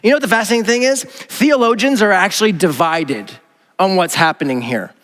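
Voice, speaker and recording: A man's voice: sits high, expressive, brisk, a bit bright. A male pastor preaching a sermon in a conversational, joking way, often acting out quotes. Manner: conversational, jokey, acts out quotes in a raised voice. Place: large church sanctuary. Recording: long hall reverb.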